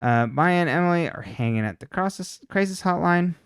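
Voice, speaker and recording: Chatty man recapping in a dry, clear voice. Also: sits high, lively intonation, dry recording. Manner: rambling, filler-heavy retelling with quick quoted asides. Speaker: podcast co-host recapping a TV episode. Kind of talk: casual recap chat.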